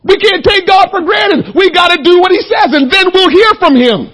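A man preaching a fiery sermon, shouting and crying out, then dropping to a hush. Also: extremely high pitch, moderate pace, low-quality recording. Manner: shouting, crying out, swinging from loud to hushed.

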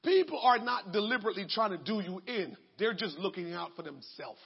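A man preaching a sermon in a colloquial, emphatic way, bursting into shouts. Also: high voice, animated, a little fast, vocal fry, breathy edge, lo-fi sound.

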